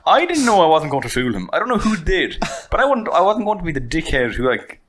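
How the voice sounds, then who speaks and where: Irish male podcast co-host, casual and profane, animated delivery. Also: fairly high pitch, fast talker. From Ireland. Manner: sweary, jokey, laughs a lot. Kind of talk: casual chat.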